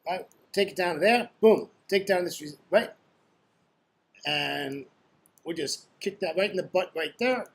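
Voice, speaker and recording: A man's voice: high voice, a little slow. A man giving casual trading commentary over his screen, chatty and blunt, joking and constantly asking "right?". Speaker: forex trading educator.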